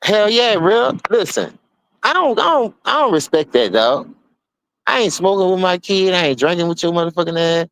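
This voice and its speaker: A man with a New Orleans accent streaming an unscripted, profane rant to his listeners. He keeps calling them dog and bro, and he swings between low mutters and sudden high outbursts. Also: big pitch swings, normal speed, a bit bright, dry recording. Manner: repeats words, addresses listener as dog and bro. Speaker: streamer giving a spoken open letter.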